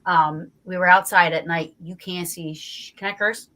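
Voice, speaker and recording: A woman from New Jersey, a guest on a talk show, telling a story in a lively, casual way, acting out her own reactions and swearing freely. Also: on the low side, moderate pace. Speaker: guest investigator.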